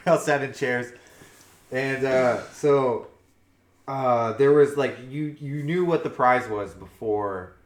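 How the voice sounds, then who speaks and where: Man, co-host, casual chat, rambling storyteller, laughs a lot, mid pitch, roomy echo. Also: slow. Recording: echoey room.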